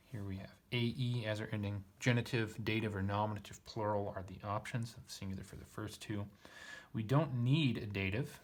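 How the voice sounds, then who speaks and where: A man with a fairly low voice works through Latin grammar out loud, one word at a time. He hesitates and corrects himself often, and makes dry little jokes at his own expense. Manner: hesitant, self-correcting, self-deprecating. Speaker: teacher reading Latin scripture. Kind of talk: translating Latin aloud, thinking aloud.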